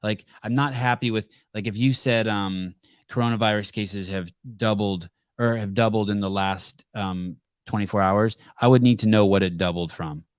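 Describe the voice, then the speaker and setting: A man's voice: fairly low pitch, fairly even intonation, moderate pace, smooth, no echo, studio quality. A man hosting a live call-in podcast, telling stories bluntly and casually with some swearing. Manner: blunt storyteller with profanity. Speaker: podcast host. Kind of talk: casual call-in show chat.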